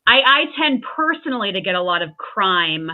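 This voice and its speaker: A woman's voice: medium pitch, big pitch swings, moderate pace. A woman host speaking earnestly and thoughtfully in a casual interview over a video call. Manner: thoughtful, earnest, some restarts. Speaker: podcast host. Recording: tinny call audio.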